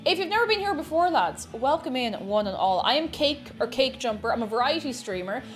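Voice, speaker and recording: A woman, a variety streamer chatting casually with her chat while she bakes, greeting viewers by name and laughing often. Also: on the high side.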